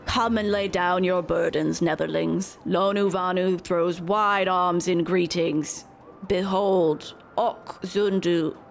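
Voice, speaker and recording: A woman voicing a grateful male bird-folk village elder in a deep, slow, stately way, speaking in broken phrases. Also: steady tone, creaky, slight background noise. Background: game music.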